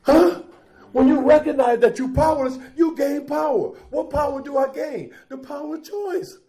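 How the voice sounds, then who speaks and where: A man's voice: extremely high pitch, normal speed, mellow. A middle-aged man giving a raw, profane recovery testimony as guest speaker, telling his story and calling out to the crowd.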